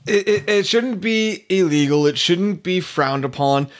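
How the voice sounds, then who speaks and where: A man's voice: high voice, unhurried. A man co-hosting a podcast, chatting casually in a wry, self-mocking way and going off on rants. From United States. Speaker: podcast co-host.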